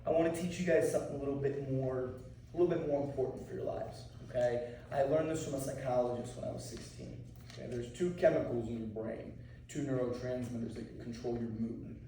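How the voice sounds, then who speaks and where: A martial arts instructor talking casually to a class of students, often checking in with "okay?" and "right?". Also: male voice, medium pitch, steady tone, fairly quick, mellow, slight background noise. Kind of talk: anti-bullying talk to a class. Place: school room with students. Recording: echoey room, mic far off.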